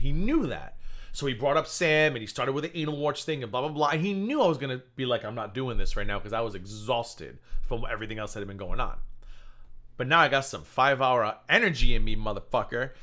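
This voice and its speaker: A man with a bright, forceful voice co-hosts a live stream. He rants about online drama with heated, profane commentary, at an ordinary pitch for a man. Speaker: stream co-host.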